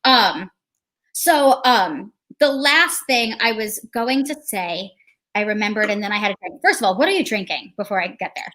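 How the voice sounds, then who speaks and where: A woman's voice: medium pitch, lively intonation, moderate pace, sharp tone. A woman hosting a casual livestream chat, gushing and rambling with lots of fillers. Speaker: host.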